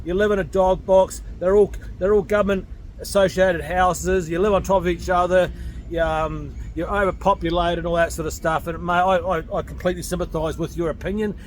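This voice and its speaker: Aussie bloke in his 40s ranting at the camera, pretty high voice for a guy, swears a lot, faint noise behind. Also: fairly even intonation, brisk. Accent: Australian. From Australia. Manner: blunt, combative, swears freely. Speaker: vlogger. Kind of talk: off-the-cuff rant to camera. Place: at home in Thailand.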